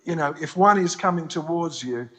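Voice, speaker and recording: A man from the United States on a call, his voice bright and a little higher than most men's. He speaks in a dry, self-mocking way, halting and repeating himself as he goes. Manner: wry, self-deprecating, halting. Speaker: guest on phone. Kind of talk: casual call-in chat.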